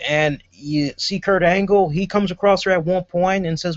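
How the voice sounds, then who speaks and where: A man's voice: sits high, steady tone, normal speed, hardly any pauses, no echo. A man giving a casual, rambling review of a wrestling show, full of fillers as he talks it through. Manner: rambling and chatty, with many fillers. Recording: dull lo-fi audio.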